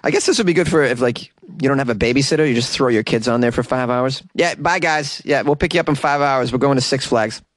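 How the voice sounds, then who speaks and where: Man, podcast host, casual, chatty, middle pitch, filler-heavy, dry close sound. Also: fast, hardly any pauses, no echo. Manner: easygoing, chatty, many fillers and restarts; breaks into laughter. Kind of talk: casual solo podcast, reading listener mail.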